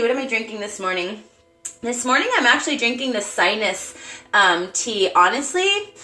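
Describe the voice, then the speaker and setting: A bubbly woman hosts a casual live stream from home, greeting viewers by name and cooing at her cat. Her voice sits high and swings widely. The room is echoey, with faint music underneath. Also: fairly bright tone.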